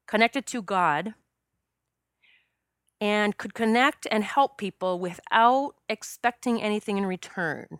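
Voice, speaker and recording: A woman's voice: medium pitch, a little slow, a bit bright, smooth, no echo, studio quality. A woman who works as a past life regression specialist, telling a personal story in an earnest, emotional way with many fillers and restarts, choking up at times. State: choked up at times.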